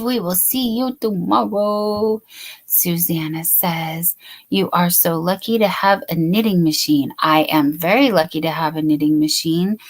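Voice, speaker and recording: Slow, chatty woman hosting a livestream. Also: lowish voice. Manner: chatty, reads viewer comments aloud, giggly. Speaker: crochet livestream host. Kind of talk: casual late-night livestream chat.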